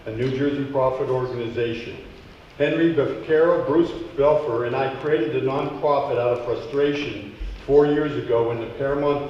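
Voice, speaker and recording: An emotional man addresses a city council during public comment, talking off the cuff and getting loud and indignant. He sounds distant and muffled in a very echoey council chamber. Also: medium pitch, slight background noise. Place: city council meeting hall. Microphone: podium microphone.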